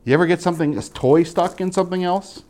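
Young guy preaching, animated, does little voices for people he quotes, slows way down to make a point. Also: sits high. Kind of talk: sermon.

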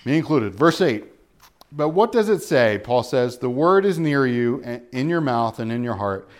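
A man preaching a sermon, asking rhetorical questions and quoting scripture, with loud emphatic bursts and quiet low asides. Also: sing-song, moderate pace. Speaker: pastor.

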